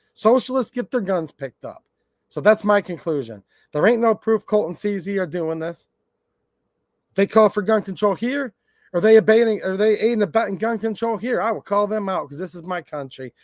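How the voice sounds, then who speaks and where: Guy going off on a blunt rant, kinda high voice, dry close sound. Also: no room sound. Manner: blunt, combative, sarcastic. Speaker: gun channel host. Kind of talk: ranting livestream monologue.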